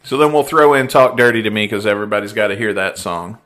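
A man's voice: fairly low pitch, fast, a bit bright. A man, hosting a podcast and telling a story in casual, profane chat. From Mississippi, US. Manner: storytelling, swearing, laughing often. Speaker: podcast host.

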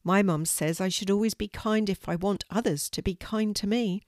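A woman's voice: medium pitch, normal speed, a little mellow, no room sound, clean studio sound, lightly acted. A woman voicing a cheerful, kind young girl in a storybook reading, eager and polite.

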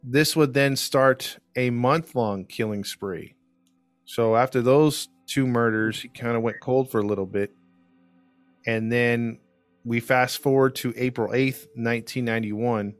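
A man's voice: medium pitch, a little slow, dry recording, faint music behind. Rambling male true crime host. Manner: rambling, filler-heavy storytelling. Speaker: podcast host and case narrator. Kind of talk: casual true crime chat.

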